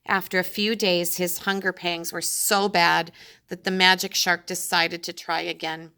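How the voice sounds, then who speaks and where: Bright-voiced woman reading a storybook. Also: on the low side. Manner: chatty asides between the reading. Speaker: storyteller reading a picture book aloud. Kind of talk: reading a children's story aloud.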